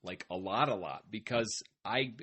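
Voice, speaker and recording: A man's voice: fairly low pitch, expressive, normal speed, sharp tone, slightly rough. A man hosting his own podcast, talking in a casual, upbeat way and often speaking straight to his listeners. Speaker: podcast host; farmer. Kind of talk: casual motivational monologue.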